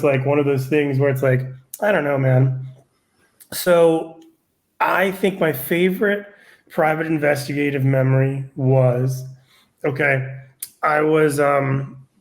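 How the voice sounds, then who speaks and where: A middle-aged man, a comedian guest, telling a story in casual chat, rambling with lots of fillers and swearing. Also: on the high side. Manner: rambling, filler-heavy, profane.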